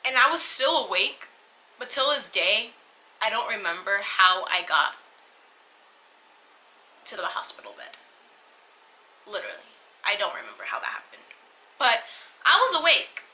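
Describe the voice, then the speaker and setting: A woman's voice: mid-range voice, sing-song, measured pace, pauses often, sharp tone, rough recording. A young woman vlogger telling a personal story in a casual, rambling way, full of fillers and restarts. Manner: emotional, rambling retelling with many fillers and restarts.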